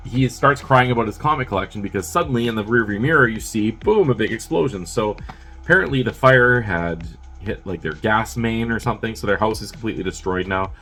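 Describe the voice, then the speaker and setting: A man's voice: on the low side, fairly bright tone. A man who is sick with a cough, casually reviewing a movie in a rambling, chatty way with wry asides.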